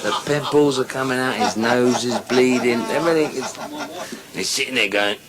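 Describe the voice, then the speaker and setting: A man's voice: mid-range voice, normal speed, heavy background noise. A male stand-up comedian telling crude, swear-filled jokes on stage. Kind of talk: live stand-up joke telling. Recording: live show with loud audience. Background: loud crowd laughing.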